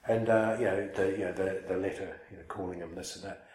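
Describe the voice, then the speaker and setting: A man tells a personal story in a loose, rambling way and pokes fun at himself as he goes. His voice sits low. The room around him is echoey. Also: steady tone, fast, a little mellow, a little hiss or hum. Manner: rambling, self-mocking, many fillers and restarts. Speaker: speaker telling a personal story to listeners. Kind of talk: casual storytelling talk.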